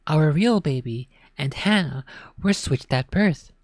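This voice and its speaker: A woman's voice: low-pitched, lively intonation, unhurried, darkish tone, dry recording, studio quality. Woman reading as a stern, upset storybook mother. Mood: tearful. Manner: scolding, then tearful.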